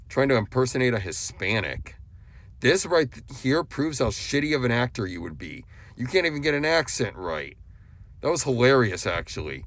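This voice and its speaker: A young man talks straight to the camera in a long scolding monologue. His voice sits at an ordinary middle pitch, and he lectures with contempt, hammering the same points again and again. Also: expressive, moderate pace. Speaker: YouTube commentator. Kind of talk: scolding monologue addressed to another YouTuber.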